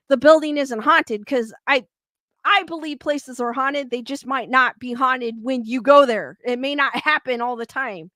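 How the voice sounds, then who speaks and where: High bright-voiced woman rambling on a livestream, venting, chatty. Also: dry recording. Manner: rambling and candid, with restarts and frustrated venting. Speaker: paranormal YouTube host live-streaming. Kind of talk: casual livestream chat, reading viewer comments.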